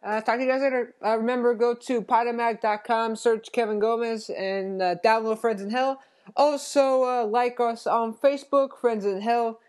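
A man hosting a casual podcast, chatty and halting with frequent fillers. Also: very high voice, fairly even intonation, smooth. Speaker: podcast host.

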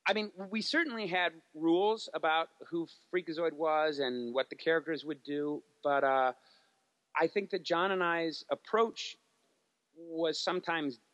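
A man's voice: fairly high pitch, a little slow, a bit bright, dry recording, dull audio. A man, a TV animation writer, talking as a guest in a casual interview, telling stories with lots of fillers and restarts.

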